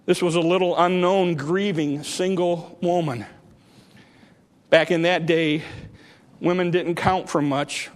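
High-voiced preacher in a reverberant hall. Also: male voice, fairly even intonation, slow, pauses often. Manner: dramatic, rising to shouts, repetitive emphasis. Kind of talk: sermon.

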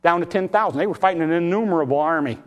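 High-pitched preacher man. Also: rapid-fire. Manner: impassioned, pitch rising when exhorting; acts out Bible dialogue in folksy speech. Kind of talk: sermon.

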